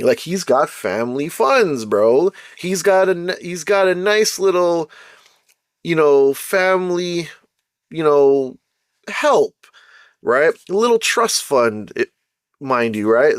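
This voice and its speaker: A man's voice: medium pitch, no room sound, clean studio sound. A man hosting his own show, telling a personal story in a casual, slangy way and checking in with the listener often. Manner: slangy and animated, keeps saying "bro" and "right?".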